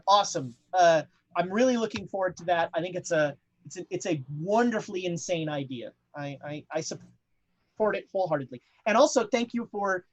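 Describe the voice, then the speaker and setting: A woman hosting a tabletop game stream, chatting casually between sessions and stalling often on fillers and restarts. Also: fairly low pitch. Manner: halting, many fillers and restarts. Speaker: host of the show. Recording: dull lo-fi audio.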